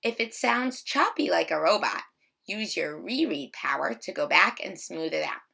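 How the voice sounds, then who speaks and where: A woman teacher giving a slow, expressive, encouraging video reading lesson to young children. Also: fairly low pitch, vocal fry, far from the mic.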